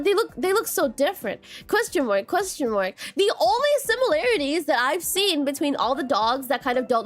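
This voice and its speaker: A woman streamer in casual live chat, rambling about animals while reading chat aloud and greeting viewers. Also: high-pitched. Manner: rambling, reads chat aloud, repeats "question mark"; animated, quick laughs and bursts of excitement.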